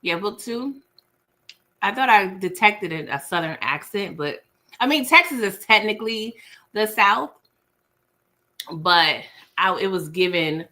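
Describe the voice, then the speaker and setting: A woman's voice: mid-range voice, sharp tone. Chatty East Coast woman, eating on stream. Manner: chatty, laughing, addresses viewers directly; chewing while talking. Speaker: livestream host. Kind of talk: casual livestream chat. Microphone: laptop mic.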